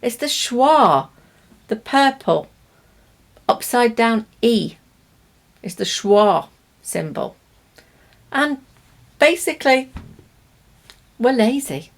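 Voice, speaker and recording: A woman with a British accent teaching English pronunciation, speaking slowly and deliberately, stressing each word for learners. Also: fairly high pitch, sing-song. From Britain. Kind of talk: language lesson to camera.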